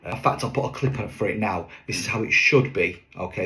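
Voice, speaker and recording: A singing waiter chats to the camera in a low, quick voice while recounting a story from a show. His manner is lively and talkative, full of fillers and side remarks.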